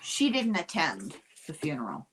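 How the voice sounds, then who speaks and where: An older woman hosting a podcast, telling a true-crime story in a chatty, unhurried way with dry asides. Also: low-pitched, huge pitch swings, fairly bright tone, slightly rough. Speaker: podcast host.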